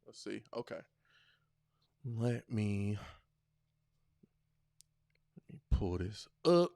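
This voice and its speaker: A man hosting his own podcast speaks in at a slow, unhurried pace. His pitch swings widely as he jokes and reads lines aloud in mock voices. The sound is dry, with no room echo. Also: gravelly. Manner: loose, joking, reads lines off a screen with animated mock voices. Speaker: podcast host. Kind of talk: casual solo podcast chat.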